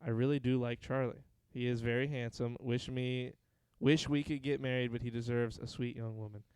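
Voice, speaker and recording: A man's voice: medium pitch, little pitch movement, moderate pace, a little mellow, clear, resonant tone, no room sound. A young man co-hosting a casual livestreamed podcast, joking and rambling through long explanations. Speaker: podcast co-host.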